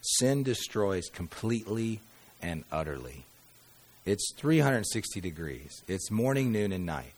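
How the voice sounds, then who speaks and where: Male pastor, lower voice, sermon delivery: dramatic readings, dry humor, hushed emphasis. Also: big pitch swings, a little slow. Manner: dramatic reading of scripture with sudden quiet drops; conversational asides and wry humor.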